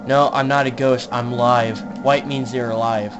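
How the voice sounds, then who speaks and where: A young man giving casual, joking commentary while playing an online horror game, swearing and laughing often and shouting when startled. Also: mid-range voice, level tone, unhurried, dull audio, music in the background. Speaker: gaming YouTuber. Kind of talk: casual let's-play commentary.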